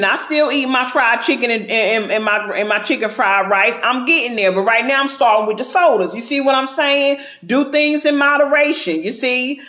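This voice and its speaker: Very high-pitched, bright, and forceful, a man's voice echoes around the room as he goes live on his phone. Hosting a casual livestream, he chats encouragingly straight to viewers, weaving faith and praise into his talk.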